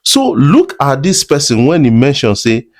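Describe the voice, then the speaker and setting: A Nigerian man talks straight to his audience in a loose mix of Pidgin and English. His voice is mid-pitched but very lively, rising and falling a lot as he makes his points. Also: normal speed. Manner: chatty, speaks directly to viewers in Pidgin-laced English. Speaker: entertainment blogger. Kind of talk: commentary vlog.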